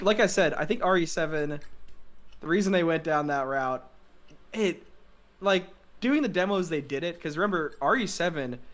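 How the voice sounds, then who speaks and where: A man's voice: high voice, fairly bright tone. A young man co-hosting a casual gaming stream, rambling with lots of fillers and frequent laughs. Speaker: streamer co-host.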